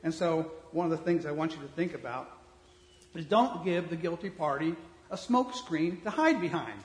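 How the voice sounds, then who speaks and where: A male pastor giving a sermon in a blunt, conversational manner, shifting between soft asides and loud emphasis. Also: on the high side, lively intonation, moderate pace. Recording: reverberant hall.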